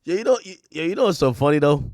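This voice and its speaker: A man's voice: on the high side, animated, rapid-fire, a little mellow, no echo, clean studio sound. A man hosting a live stream, reacting to a clip with rambling, laughing, profane commentary. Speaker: livestream host.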